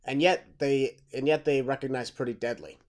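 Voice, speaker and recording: A man co-hosts a casual podcast with a steady, middle-pitched voice. He talks in a matter-of-fact way and teases his partner lightly. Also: moderate pace. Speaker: podcast co-host. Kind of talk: casual wrestling chat.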